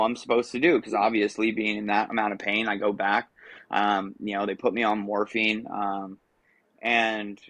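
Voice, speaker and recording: Male podcast guest, thirties, low-pitched, casual rambling storyteller, dry recording. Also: a bit bright, dry recording, poor audio. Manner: casual storytelling, many ums and restarts. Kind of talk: telling his life story in an interview.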